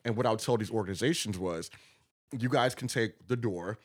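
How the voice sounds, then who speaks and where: A Texan guest promoter casually tells stories, animatedly acting out what people said and laughing. He speaks fairly quickly in a fairly low voice.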